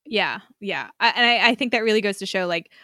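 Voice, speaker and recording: A woman's voice: medium pitch, expressive, a little fast, bright, forceful tone, no room sound, clean studio sound. A woman co-hosting a podcast, chatting casually and enthusiastically and laughing easily. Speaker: podcast co-host. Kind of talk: casual fan chat.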